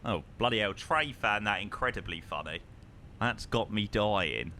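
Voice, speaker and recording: A chatty man with a southern English accent, casually talking through a live stream and reacting to chat. His voice swings up and down a lot and has a bright, forward edge. He swears freely and keeps things loose. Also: lowish voice, lively intonation, normal speed, a little hiss or hum. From southern England. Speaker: flight sim streamer.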